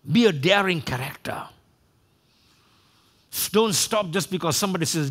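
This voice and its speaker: A male pastor delivers a sermon in an emphatic preaching manner, his voice sitting a little higher than most men's. He slips into quoted voices as he drives his points home. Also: lively intonation, moderate pace, long pauses, fairly bright tone.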